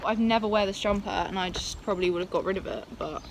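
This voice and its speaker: Against a noisy background, a young woman with a medium-pitched voice talks fast in a casual vlog shot at home and in the garden. She holds a shaky handheld camera and is exclamatory and self-mocking.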